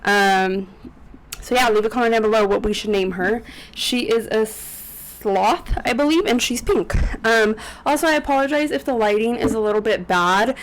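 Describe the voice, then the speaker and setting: A young woman in her twenties chats to the camera from a corner of her apartment room, recorded on a desk microphone. She rambles and corrects herself often, filling pauses with ums, and her voice sounds teary and close to breaking. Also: fairly high pitch, rough recording. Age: 20s. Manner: chatty, rambling, with many ums and self-corrections. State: tearful, on the verge of crying. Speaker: vlogger. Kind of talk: casual vlog talk to camera. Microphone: USB desk microphone.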